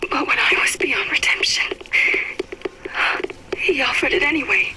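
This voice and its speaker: An actress playing a devout, regretful first lady, speaking a hushed, half-whispered recorded diary monologue in a game. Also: high-pitched, animated, measured pace, rough recording. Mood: sorrowful.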